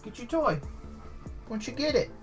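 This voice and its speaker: A man's voice: extremely high pitch, sing-song, moderate pace, faint music behind. A man streaming a hobby painting session, chatting casually and using affectionate baby talk with his dog. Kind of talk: casual chat while playing with his dog.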